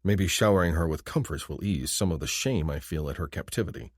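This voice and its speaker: A man narrating a romance audiobook in the first person, in an expressive, intimate manner. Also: low voice, brisk, no room sound, clean studio sound.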